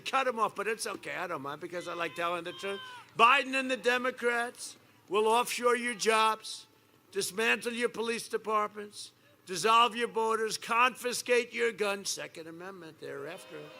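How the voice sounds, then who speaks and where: A man in his seventies giving a campaign rally speech, boastful and repetitive, swinging from quiet asides to loud attacks. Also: sits high, normal speed, gravelly. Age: 70s. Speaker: rally speaker. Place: outdoor rally stage. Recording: faint background noise at an outdoor rally.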